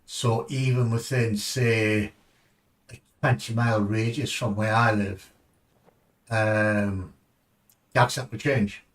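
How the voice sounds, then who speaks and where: A man's voice: on the low side, steady tone, slow pace, long pauses, far from the mic. An English man streaming a game, chatting in a rambling way and swearing casually as he plays. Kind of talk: casual gaming commentary.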